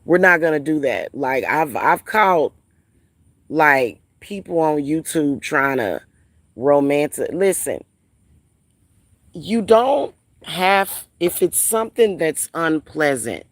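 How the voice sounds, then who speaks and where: A woman's voice: deep voice, lively intonation, slow, no echo. A woman vlogger ranting casually at home, blunt and profane, repeating phrases for emphasis. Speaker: spiritual reader and vlogger.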